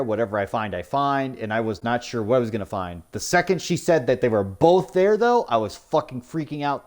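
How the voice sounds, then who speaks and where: A man's voice: medium pitch, darkish tone. Young male gaming host, profane rant, sarcastic quoting, exasperated. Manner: swearing often, exasperated, mocking in put-on quotes. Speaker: gaming YouTuber. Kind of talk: post-game commentary rant.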